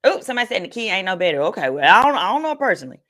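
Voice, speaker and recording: A woman's voice: medium pitch, sing-song, rapid-fire, fairly bright tone. A woman attorney hosting a casual livestream of legal commentary, talking candidly and reading viewer comments aloud. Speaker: attorney and host.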